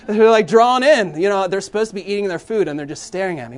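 Animated, fairly high-voiced man speaking at church. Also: fast, hardly any pauses. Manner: animated, with many restarts. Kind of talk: church talk to parents.

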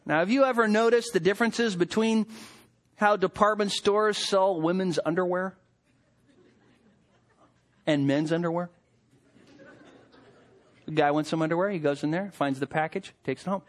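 A man's voice: high voice, normal speed, long pauses. A man preaching a sermon to husbands, with a joking, storytelling delivery. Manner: humorous, animated storytelling. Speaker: pastor.

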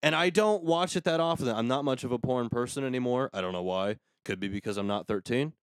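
A man hosting a casual comedy podcast, ranting in a crude, sarcastic way. His voice sits at an ordinary middle pitch. The sound is close and dry, with no room around it. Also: fast, clean tone, dry recording. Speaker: podcast host.

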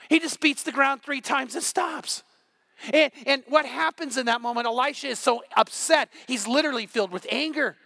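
A middle-aged male pastor preaching a sermon, impassioned and building to near-shouts. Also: very high voice, no echo.

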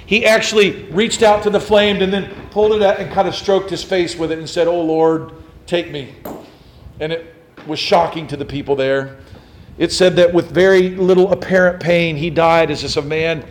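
A male pastor preaches a sermon in a voice that sits high, with fairly even intonation at normal speed, and a little hiss or hum in the background. He tells a story dramatically, acting out the quotes and rising to intense emphasis.

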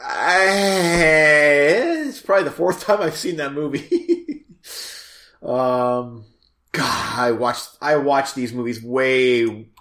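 A man talking movies in a casual chat, slow and unhurried, rambling with lots of fillers and restarts. His voice has a roomy echo around it. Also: medium pitch, a bit bright. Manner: rambling, halting, many fillers and self-corrections. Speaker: host reviewing movies.

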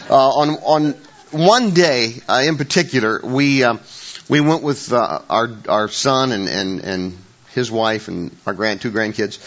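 In a church, an older man serving as pastor gives a conversational sermon at a medium pitch with a fairly bright tone. His stories ramble, with frequent restarts and self-corrections and wry humor at his own expense, all on a dull lo-fi recording.

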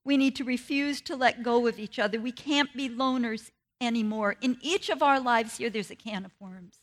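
A woman preaching a sermon, earnest and personal, telling a story from her own family life with lively pitch swings. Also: normal speed.

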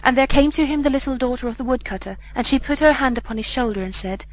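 A woman reading an old fairy tale aloud in a measured, even storybook narration. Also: high voice, a little hiss or hum, poor audio. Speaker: audiobook reader.

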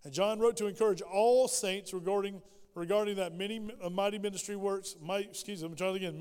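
Preaching a sermon in a church sanctuary, a pastor uses a high, smooth, slightly mellow voice, putting on small acted voices for the prayers he quotes. His speech echoes with a long hall reverb.

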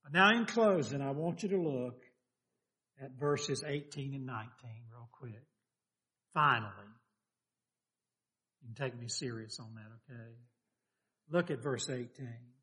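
An older man preaching a sermon, folksy and animated, firing questions at the congregation. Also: medium pitch, a little slow, pauses often.

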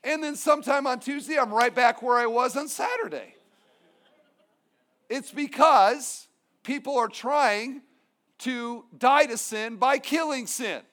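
A pastor with a strikingly high voice preaches a sermon with emphatic force. He mixes his points with humorous asides. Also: unhurried, a bit bright.

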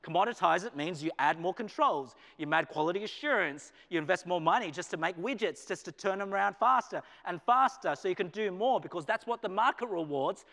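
An Australian man delivers a sermon in a chapel, his slightly high voice carrying a long reverb around the hall. He swings between loud, emphatic points and quiet, low asides. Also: animated, brisk, hardly any pauses. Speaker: pastor and business teacher.

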